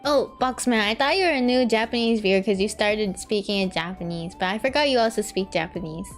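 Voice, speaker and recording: A woman's voice: mid-range voice, a little fast, soft background music. A young woman VTuber chatting casually on a live stream while she draws, rambling, laughing often and answering her chat.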